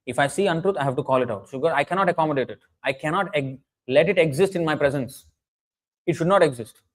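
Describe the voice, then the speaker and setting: A man's voice: on the high side, quick pace, rough recording. A man giving an earnest, emphatic sermon, often restarting phrases and chanting Sanskrit verses. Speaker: preacher. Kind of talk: sermon lecture.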